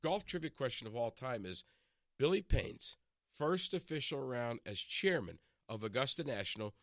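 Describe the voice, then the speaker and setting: A man's voice: mid-range voice, moderate pace, no room sound. A man, an in-studio radio guest, telling stories in casual chat, with lots of restarts and acted-out quotes. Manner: animated, acts out quotes, many restarts. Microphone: studio microphone.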